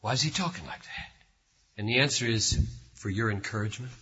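A man preaching a sermon as pastor, emphatic, building to loud, slow declarations. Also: on the low side, slightly rough. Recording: lo-fi recording in a reverberant hall.

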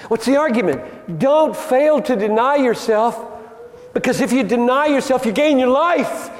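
A man's voice: very high voice, expressive, measured pace. A man preaching a sermon, emphatic and argumentative, driving his points home with rhetorical questions. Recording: long reverb of a large hall.

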